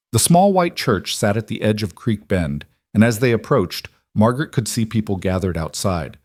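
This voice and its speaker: A man narrating a scripted western romance story in a measured, gentle way. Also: lowish voice, no echo, clean studio sound.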